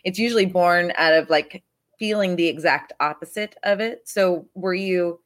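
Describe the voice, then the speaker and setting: A woman's voice: fairly low pitch, normal speed. A woman hosting a podcast, asking curious questions in a casual chat. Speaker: podcast host. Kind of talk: casual conversation.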